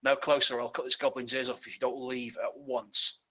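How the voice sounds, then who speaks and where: A man's voice: mid-range voice, flat delivery, normal speed, pushed and bright. A man doing a jittery cornered halfling. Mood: menacing. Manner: jittery, stammering threats. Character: cornered desperate male halfling apprentice holding a hostage.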